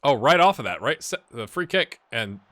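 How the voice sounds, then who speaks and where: A man hosting a gaming channel, casually commenting while he plays, chatty and rambling, with laughs and sudden excited outbursts. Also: mid-range voice, moderate pace, slight background noise. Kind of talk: casual commentary while playing a football management game.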